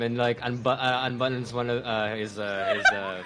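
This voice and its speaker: A man playing a tabletop game, narrating his character's actions in a laughing, halting way. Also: mid-range voice, huge pitch swings, pushed and bright, soft background music. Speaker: player. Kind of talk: casual tabletop play.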